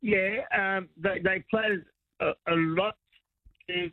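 A man calling in to a radio quiz, talking in a hesitant, halting way. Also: high voice, fairly even intonation, no echo. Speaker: caller. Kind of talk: casual phone-in chat. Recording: tinny phone line.

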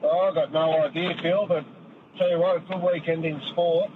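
Australian caller on a noisy phone line. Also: male voice, on the high side, steady tone, normal speed. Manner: easygoing, hesitant. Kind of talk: casual chat on a radio call. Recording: phone line with background noise.

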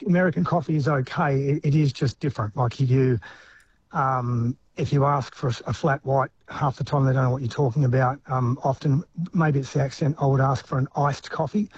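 A man with an Australian accent calling a radio show, talking haltingly with restarts and stammers. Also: mid-range voice, fairly even intonation, darkish tone. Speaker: radio caller. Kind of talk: phone-in chat. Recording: dull phone line with faint background hum.

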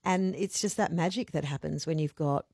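Low-voiced chatty radio host woman. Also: moderate pace, gravelly, darkish tone, breathy edge, no echo, clean studio sound. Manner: chatty, conversational, finishes the guest's sentences. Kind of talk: radio interview. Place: radio studio.

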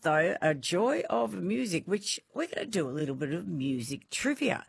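A woman's voice: sits low, breathy edge. An Australian woman hosting a radio show, chatting casually with callers and laughing easily. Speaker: radio host. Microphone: studio microphone.

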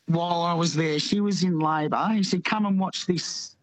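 An Australian woman calling in to a radio talk show, speaking slowly and earnestly, often repeating her words. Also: on the low side, dry recording, poor audio. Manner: slow, heartfelt, repeats words. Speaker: caller. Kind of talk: radio call-in chat.

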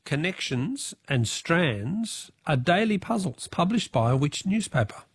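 An Australian man hosting a radio quiz, reading questions and taking callers briskly. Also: a little high, sing-song, slightly rough, no room sound.

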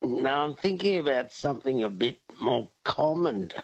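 A man's voice: medium pitch, lively intonation, moderate pace, no room sound, highs cut off. A man calling in to a radio quiz, drawling and jokey. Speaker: caller.

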